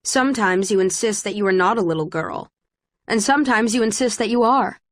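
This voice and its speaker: Woman reading as a cold, flat-spoken leader. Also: mid-range voice, brisk, no echo, clean studio sound, natural voice. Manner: flat, factual, clipped delivery.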